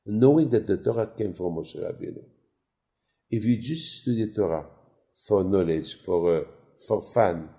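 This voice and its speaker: Rabbi giving a sermon, gravelly and very dark tone, story-driven preaching. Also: male voice, sits low. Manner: non-native phrasing, storytelling with quoted dialogue.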